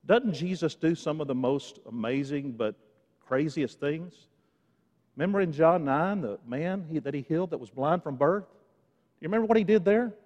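A man preaching a sermon in a church, swinging between hushed, quiet lines and loud, rising ones, with touches of sarcasm. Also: on the high side, animated, moderate pace, long reverb tail. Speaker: pastor. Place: church sanctuary.

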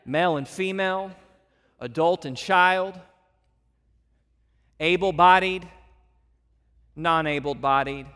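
A man preaching a sermon as a pastor to his church, swinging between loud emphatic passages and soft hushed ones. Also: fairly high pitch, slow, long pauses, clear, resonant tone, in a large hall.

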